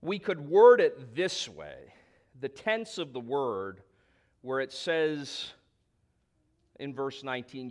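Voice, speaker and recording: A man's voice: mid-range voice, animated, takes it slowly, a little mellow. A man preaching a sermon, emphatic, stretching key words for stress and dropping in conversational asides. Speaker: pastor.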